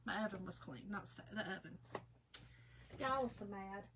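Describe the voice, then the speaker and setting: A woman's voice: medium pitch, moderate pace, fairly bright tone, a little hiss or hum, rough recording. A woman, chatting casually to viewers in her own folksy, talkative way while she works on a craft project. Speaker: craft livestream host.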